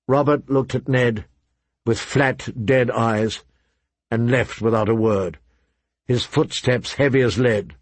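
A male narrator reads a fantasy audiobook slowly and with measured drama. His voice has a husky grain, and the close studio recording is dry and free of room sound. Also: mid-range voice, no room sound. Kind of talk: scripted narration.

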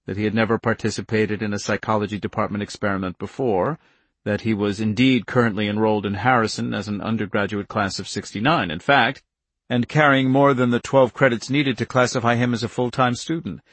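A man reading a novel aloud in steady scripted narration, in a dry studio recording. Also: lowish voice, brisk, no room sound. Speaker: audiobook narrator.

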